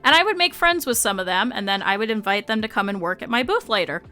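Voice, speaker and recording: Bright, high-voiced chatty young woman. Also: fast talker, soft background music. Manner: chatty, animated, laughs often. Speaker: VTuber streamer. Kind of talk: casual storytelling to stream chat.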